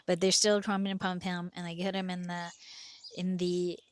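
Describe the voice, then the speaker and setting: A woman's voice: lowish voice, flat delivery, moderate pace, slight background noise. A middle-aged woman telling a personal story in a vivid, earnest present-tense voice. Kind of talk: personal story told to camera.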